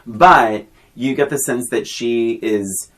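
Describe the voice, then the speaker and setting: A woman co-hosting a podcast, chatting about a film in an animated, emphatic way and laughing often. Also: extremely low pitch, takes it slowly. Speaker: podcast co-host. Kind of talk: casual film chat.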